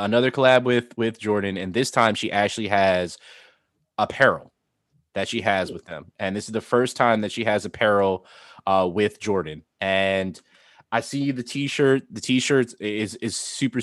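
A man's voice: lowish voice, measured pace, fairly bright tone, dry recording, clean studio sound. A man co-hosting a casual sneaker podcast, talking in a rambling, enthusiastic way with many restarts. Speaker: podcast co-host.

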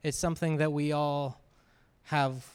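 A man preaches in an easy, conversational style, checking in with his listeners as he goes. His voice sits high and comes across smooth and resonant. It rings out through a church with a long, lingering reverb. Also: little pitch movement, unhurried. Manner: conversational preaching, frequent "right?" asides. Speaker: pastor. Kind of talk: sermon. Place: church sanctuary. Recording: reverberant hall.

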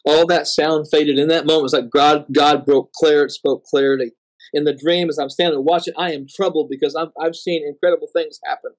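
A man recounting a prophetic dream in a halting, dramatic way, repeating words and slowing for emphasis. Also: on the high side, steady tone. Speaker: dream narrator.

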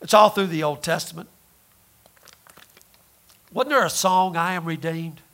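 A man preaching a sermon in a folksy way, full of rhetorical questions and repeated words, rising loud and dropping soft. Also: fairly high pitch, measured pace.

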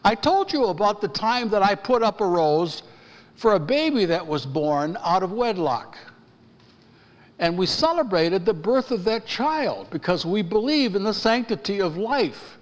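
A male pastor preaching from the pulpit in a high, animated voice that climbs as he gets excited. He raises his voice and pounds the pulpit. The church hall carries a long reverb behind him. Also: measured pace. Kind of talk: sermon. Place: church sanctuary.

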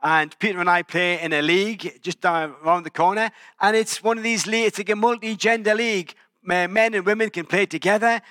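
An English pastor in his forties preaches a sermon in church, sharing personal stories in a chatty, self-deprecating way and often restarting his sentences. His voice sits high with a steady, brisk, bright and forceful tone. The recording is clean studio sound with no echo.

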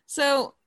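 A woman's voice: dry recording, studio quality. A young woman from southern California, co-hosting a casual chat who tells stories and laughs often.

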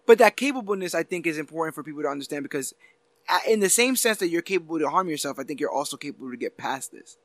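A man's voice: a little high, expressive, racing, no echo. Earnest podcast man, dry close mic. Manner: earnest, explanatory, many restarts. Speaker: podcast co-host. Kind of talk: casual podcast chat.

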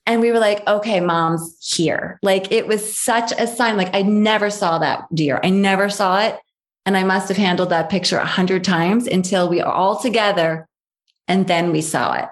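A woman's voice: medium pitch, normal speed. A woman recounting a family story as an interview guest. She leans on repetition for emphasis and slips into others' voices when she quotes them. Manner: emphatic, repeats key phrases. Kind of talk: personal storytelling.

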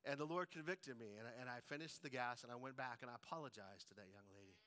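A man's voice: mid-range voice, quick pace, pushed and bright. A middle-aged man preaching a sermon, telling stories and tossing in rhetorical "right?" asides. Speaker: pastor.

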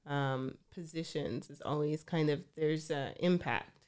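A woman's voice: low voice, a little slow, a little mellow. A woman co-hosting a relationship podcast, welcoming listeners and steering the conversation with questions. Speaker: podcast co-host.

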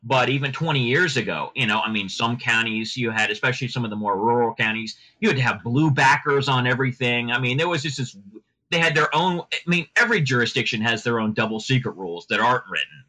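A middle-aged male lawyer chats as a podcast guest, circling through stories with frequent restarts. His voice has a bright, forceful edge. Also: medium pitch, fast, low-quality recording. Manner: chatty, rambling with many restarts. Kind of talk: casual podcast interview.

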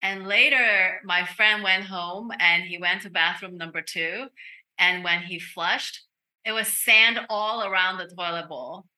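A woman speaking as a podcast guest, a medical intuitive telling an earnest, animated story. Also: lowish voice, measured pace. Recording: roomy echo.

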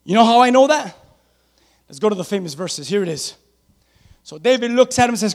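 A man preaching a sermon with emphatic repetition that builds to shouts. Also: high voice, expressive, a little fast, pauses often, big-room sound.

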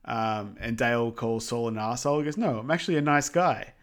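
A man in a relaxed podcast chat, walking through a film's plot with lots of ums and offhand asides. His voice sits at an ordinary middle pitch, and he keeps the tone loose and conversational. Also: brisk. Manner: rambling, frequent ums, laughs easily. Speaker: podcast co-host. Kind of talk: casual movie recap chat.

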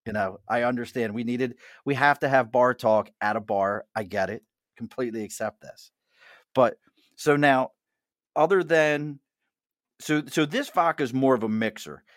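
The host, a middle-aged man with a Mid-Atlantic American accent, leads a casual bar chat, chatty and jokey and laughing often. His mid-range voice keeps a moderate pace, recorded in clean studio sound with no echo.

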